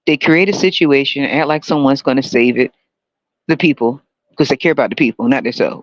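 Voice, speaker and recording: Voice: mid-range voice, fairly quick, no echo, muffled recording. A podcast host giving a sarcastic, profane solo rant, often laughing.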